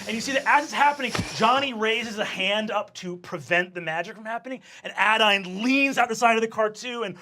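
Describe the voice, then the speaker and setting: A woman running a tabletop game as game master, narrating excitably with sound effects and swearing, over a noisy recording. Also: on the high side, brisk, hardly any pauses.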